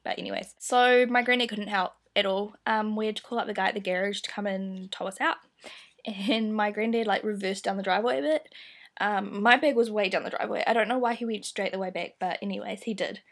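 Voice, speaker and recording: A young woman chats straight to her camera, telling a story with a self-deprecating, giggly manner. Her voice has a gravelly fry in it, at a middle pitch for a woman. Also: brisk, fairly bright tone. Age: young adult. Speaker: vlogger. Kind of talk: casual chat to camera.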